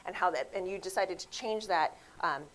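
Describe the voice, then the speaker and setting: A woman's voice: fairly low pitch, normal speed, low-quality recording. A woman physician giving a grand rounds lecture, telling clinic stories and speaking straight to her audience. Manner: lively storytelling, acts out quoted voices; addresses audience directly.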